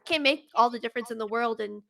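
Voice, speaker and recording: A woman's voice: on the high side, fast talker, vocal fry, bright, forceful tone. A woman in a casual group chat giving encouraging advice to players.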